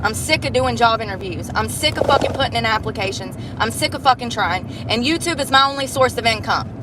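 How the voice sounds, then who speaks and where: Woman vlogger on an angry, profane rant, higher voice, outdoor phone recording with steady background noise. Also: a little fast. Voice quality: heavy swearing, frustrated. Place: in and around a car outdoors.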